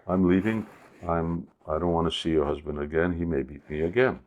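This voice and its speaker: A man's voice: low voice, a little fast, a little mellow, highs cut off, lightly acted. A man voicing a meek little boy. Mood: pleading. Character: small frail eight-year-old boy, meek and pleading.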